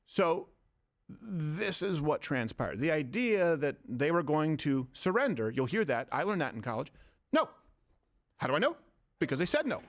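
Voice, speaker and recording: A man's voice: on the high side, big pitch swings, moderate pace. A man hosting a political talk show, arguing his points and cracking jokes with co-hosts. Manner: argumentative, joking, reads quotes aloud. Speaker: show host.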